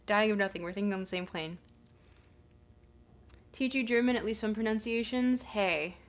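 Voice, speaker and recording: A woman's voice: medium pitch, moderate pace. Chatty young woman streamer. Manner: rambling and chatty, with many fillers and restarts, bursts of playful excitement. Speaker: livestreamer reading chat. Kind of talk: casual chat with viewers.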